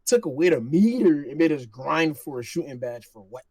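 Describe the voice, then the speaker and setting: A man's voice: a little high, big pitch swings, normal speed, warm tone, husky, no room sound. A man telling laughing, slangy stories in a casual chat between co-hosts. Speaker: podcast co-host.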